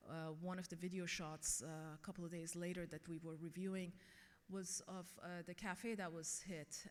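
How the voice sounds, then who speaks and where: A middle-aged woman giving a keynote speech and telling a personal story earnestly. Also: on the low side. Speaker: keynote speaker. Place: conference hall. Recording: long reverb of a large hall.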